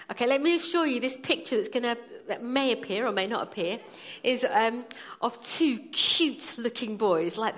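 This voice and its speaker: Woman in her forties, preacher, humorous storytelling, fairly high voice. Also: fairly bright tone. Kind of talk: sermon with a personal story.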